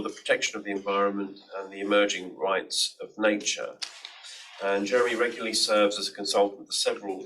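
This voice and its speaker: A man's voice: on the low side, pushed and bright, recorded from a distance, slight background noise, poor audio. A man chairing a seminar who introduces speakers in a hesitant way.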